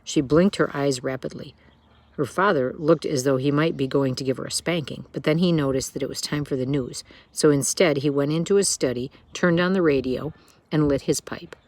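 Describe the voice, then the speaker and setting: A woman's voice: low voice, normal speed, darkish tone, dry recording. Woman reading a children's book aloud. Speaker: storyteller.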